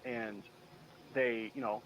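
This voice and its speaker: A man's voice: mid-range voice, little pitch movement, slow pace, noisy background. Chatty man with endless fillers. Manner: rambling, many "you know" fillers, mimics others. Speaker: guest. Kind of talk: casual interview storytelling.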